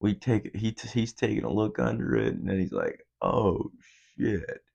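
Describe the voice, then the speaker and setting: A man's voice: lowish voice, very animated, fairly quick, creaky, warm tone, slightly rough. A young man hosting a podcast, telling a rambling, profane story in a casual monologue. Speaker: podcast host.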